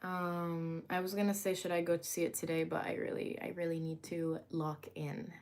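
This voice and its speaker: A woman's voice: on the low side, little pitch movement, normal speed, darkish tone. Chatty young woman streaming casually. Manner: chatty, greets viewers by name, uses filler words. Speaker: livestream host. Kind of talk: casual livestream chat.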